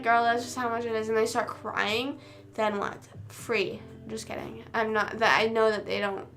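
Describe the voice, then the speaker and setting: Young woman streamer, bright higher voice, rambling casual chat, faint music behind. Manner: rambling, self-deprecating, trailing off often. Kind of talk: casual chat with livestream viewers.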